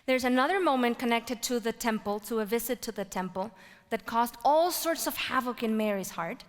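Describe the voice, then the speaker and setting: A woman delivers a sermon in a bright, high voice, telling stories with lively energy. She climbs to loud exclamations and drops to hushed whispers. Her words ring out with a long reverb, as in a large hall. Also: moderate pace. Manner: animated storytelling, rising to loud exclaims and dropping to whispers. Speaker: preacher.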